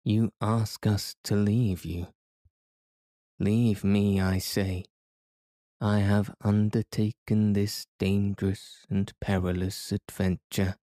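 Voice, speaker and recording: A man's voice: on the low side, flat delivery, slow, dark tone, dry recording, studio quality. A man voicing a stubborn elderly professor and fierce explorer, insistent and commanding. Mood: stern.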